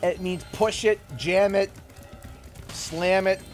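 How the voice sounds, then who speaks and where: A man's voice: high voice, takes it slowly, faint music behind. A young man casually chatting on a gaming livestream, reading out donations and laughing often. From Canada. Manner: animated, laughs a lot, reads donations aloud. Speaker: livestream host.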